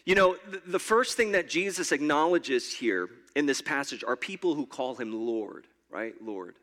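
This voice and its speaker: A high, bright male voice preaches a conversational sermon, restarting and repeating words as he goes. His voice carries through a church with a long hall reverb. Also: moderate pace. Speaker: pastor.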